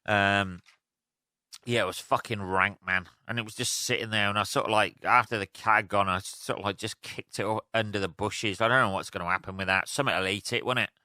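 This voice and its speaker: A man's voice: lowish voice, fairly even intonation, brisk, bright, forceful tone, no echo, clean studio sound. A young man hosting a solo podcast, rambling and swearing as he tells jokey stories. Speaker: podcast host. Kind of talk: casual solo podcast rant.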